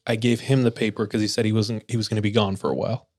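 A man's voice: on the low side, fairly even intonation, racing, darkish tone, breathy edge, no room sound, studio quality. A man voicing a polite young paperboy who stammers apologies, in his own voice. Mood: apologetic.

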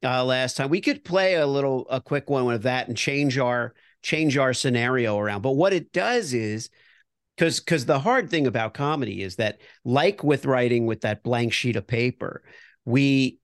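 Middle aged guy explaining an improv game, gravelly, dry close sound. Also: mid-range voice, expressive, a little slow, no room sound. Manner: restarts and repeats words as he thinks aloud. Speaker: podcast co-host. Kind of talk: casual improv coaching.

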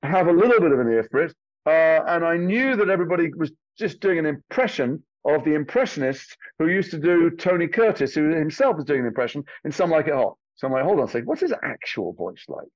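Pitched on the high side, the man talks at a quick pace and sounds expressive. He's an English actor being interviewed, recounting stories energetically and swearing freely, with an accent drawn from Liverpool and London. The recording is dry and its highs are cut off.

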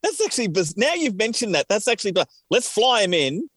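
A man chats loosely on a podcast, circling back through restarts. His voice sits slightly high for a man. The sound is dry and close. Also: sing-song, fairly quick, fairly bright tone, slightly rough, dry recording. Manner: rambling with fillers and restarts, laughs often. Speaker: podcast co-host. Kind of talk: casual chat.

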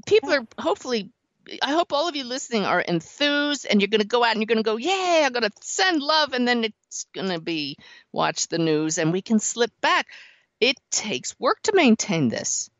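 A woman hosting a talk show, chatting lively and laughing easily. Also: fairly high pitch, normal speed, no room sound. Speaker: host. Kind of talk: casual talk show chat. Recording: dull, muffled sound.

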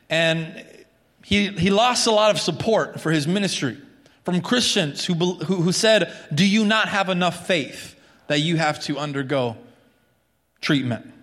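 Man, pastor, sermon, high voice, loose conversational delivery, long church reverb. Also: a bit bright. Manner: conversational preaching with frequent restarts and asides.

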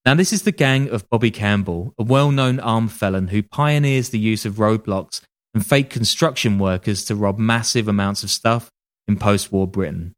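A man's voice: lowish voice, normal speed. A man telling a true-crime story casually on a podcast, with wry joking asides and casual swearing. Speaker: podcast host.

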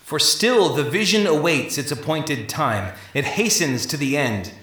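A man's voice: on the high side, animated, a little slow, roomy sound. A man voicing a dejected, pleading man. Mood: earnest. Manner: quiet, earnest, pleading. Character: dejected bent-over man, pleading and earnest.

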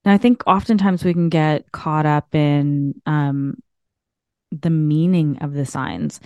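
A woman host from Canada telling a spiritual story in an animated, chatty way, full of filler words. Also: low-pitched, takes it slowly, smooth, no echo, clean studio sound.

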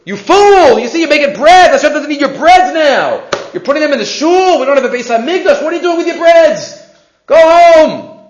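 A man voicing a stern rabbi who loudly and indignantly rebukes someone. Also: extremely high pitch, sing-song, normal speed, pitched above the performer's own voice. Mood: scolding. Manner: loud, exasperated rebuke. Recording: echoey muffled recording.

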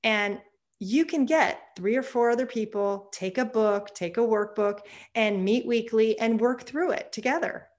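Candid fifties woman, therapist guest on an interview, open and animated. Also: a little high, measured pace. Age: 50s. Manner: candid, animated, laughs often. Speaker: psychotherapist guest. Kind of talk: conversational interview.

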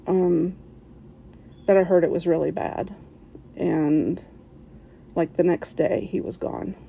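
A woman tells a heartfelt personal story in a slow, unhurried way, pausing and restarting often. Her voice sits low and mellow, with a gravelly edge. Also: fairly even intonation, highs cut off, slight background noise. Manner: halting, with fillers, restarts and soft laughs. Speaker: listener sharing a personal story.

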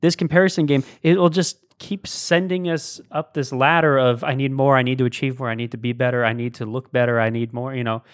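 A man co-hosting a casual faith discussion, speaking in a halting way with many fillers and restarts. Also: mid-range voice, fairly even intonation, no room sound, clean studio sound. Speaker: podcast co-host.

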